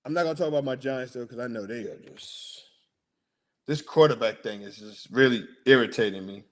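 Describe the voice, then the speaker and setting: A man hosting a casual sports talk livestream, slangy and excitable, rambling about his picks. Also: mid-range voice, brisk. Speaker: sports podcast host.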